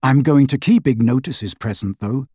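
A man voicing a weary teenage boy wizard, tired, quiet and measured, in an audiobook. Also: medium pitch, dry recording, studio quality, lightly acted. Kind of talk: audiobook character voice.

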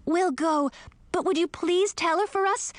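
A woman voicing an earnest teenage princess who pleads in a high, breathless voice. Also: measured pace, no room sound. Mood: pleading.

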